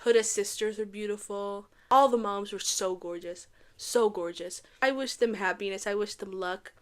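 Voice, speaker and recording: A young woman from Canada recapping a reality dating show in a casual, animated way, gushing and repeating lines for effect. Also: medium pitch, moderate pace.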